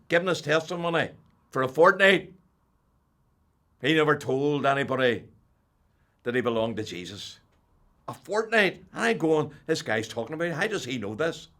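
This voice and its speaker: An older man with a Northern Irish accent, telling his personal faith testimony as an animated storyteller who drops to a hush and then rises loud. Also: mid-range voice, fairly quick. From Northern Ireland. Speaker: testimony speaker.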